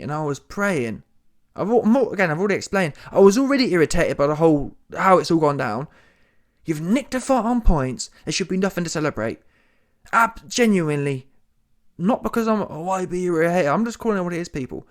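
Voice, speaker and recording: A man giving an exasperated, animated comedy rant about boxing, often repeating himself. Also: high-pitched, quick pace. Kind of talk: ranting reaction commentary.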